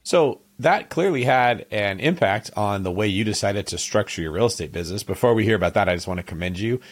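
A man's voice: on the low side, animated, fairly quick, breathy edge. A man hosting a casual interview, enthusiastic and praising his guest. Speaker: podcast host.

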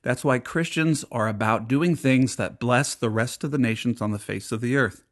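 Speaking in a mid-range voice at a moderate pace, a middle-aged pastor delivers a sermon. He explains things earnestly, often using fillers and restarting his sentences.

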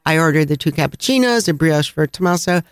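A man with a Chicago accent, co-hosting a travel podcast and telling a lively anecdote with frequent laughs. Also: on the high side, fairly quick, smooth, dry recording, clean studio sound. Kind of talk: casual storytelling chat.

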